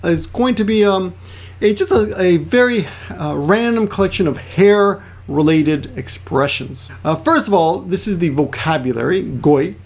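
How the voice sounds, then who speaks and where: A man's voice: high voice, lively intonation, a little slow. A man giving a chatty, rambling language lesson, often restarting and adding asides. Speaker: Japanese language teacher. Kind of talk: casual explanatory lesson.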